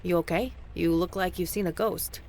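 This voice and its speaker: A man's voice: sits high, fairly even intonation, normal speed. A man voicing an easygoing, concerned companion character who teases a little. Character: concerned, wisecracking game companion.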